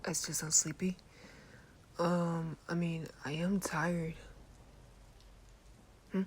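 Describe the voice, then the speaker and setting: A woman voicing a protective, sleepy teenage boy in a gentle, laid-back whispered role-play. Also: on the low side, level tone, slow, a little hiss or hum. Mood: relaxed. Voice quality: soft whisper. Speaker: ASMR creator.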